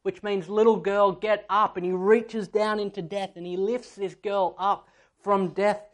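A man's voice: high voice, flat delivery, unhurried. A man, preaching a sermon and telling stories, acting out a child's voice at times. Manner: storytelling, acts out a child's voice in anecdotes. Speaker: pastor.

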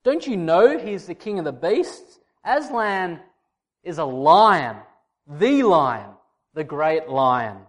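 A man's voice: fairly high pitch, big pitch swings, takes it slowly. A man reading aloud as a stern male beaver from a storybook, emphatic and solemn.

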